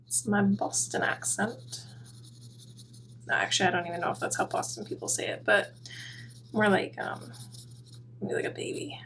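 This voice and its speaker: A woman hosting a coloring tutorial, talking through each step in a relaxed, chatty way with soft, self-deprecating asides. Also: mid-range voice, a little slow, long pauses, a little hiss or hum.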